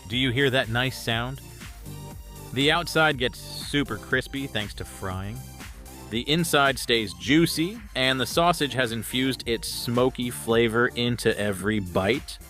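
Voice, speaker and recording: A chatty man demonstrates a quick recipe in his home kitchen and talks straight to the camera. His voice swings up and down with animated energy. The sound is dry and close, with faint music behind him. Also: mid-range voice, no echo. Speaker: cooking channel host. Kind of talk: casual cooking demonstration.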